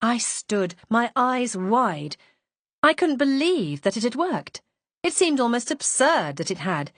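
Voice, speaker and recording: A woman's voice: fairly high pitch, sing-song, a little slow, no echo. Woman narrating a mystery, dry and close. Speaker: audiobook narrator. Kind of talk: first-person mystery narration.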